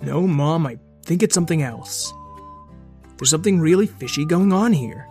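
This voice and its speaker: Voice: medium pitch, lively intonation, moderate pace, darkish tone, faint music behind, natural voice. Earnest clever storybook boy, read by the narrator. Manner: earnest, pleading.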